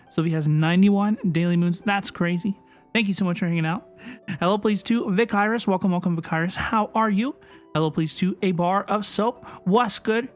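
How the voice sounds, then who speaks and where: Excitable woman VTuber, chatty live-stream host, mid-pitched, soft music underneath. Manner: bubbly, excitable, greets chat by name. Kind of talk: live game stream chat.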